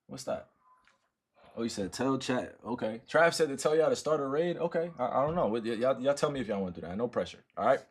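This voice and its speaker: A man in his thirties casually talking to his livestream chat, loose and repetitive, often tagging his sentences with "right?" and "all right?". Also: medium pitch.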